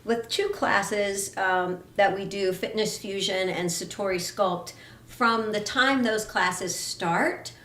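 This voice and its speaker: A woman fitness instructor introducing a live online class in a warm, chatty way. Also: mid-range voice, slow pace, roomy sound, slight background noise.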